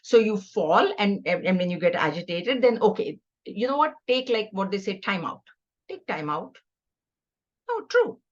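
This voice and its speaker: A woman's voice: medium pitch, big pitch swings, measured pace, dull audio. Earnest woman teaching a scripture class. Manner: earnest, conversational teaching with stories. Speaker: spiritual teacher.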